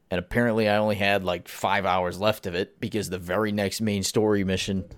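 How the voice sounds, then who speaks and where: Male podcast host, low-pitched, exasperated ranting delivery, dry close sound. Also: no room sound. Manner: ranting, exasperated, swears at target. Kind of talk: solo commentary podcast.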